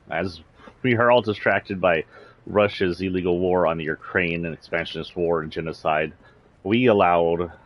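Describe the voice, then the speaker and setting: A man with a slight Southern accent from Texas, talking bluntly and indignantly in a political livestream rant. His voice sits very low. The lo-fi stream audio sounds dull and muffled. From San Antonio, Texas.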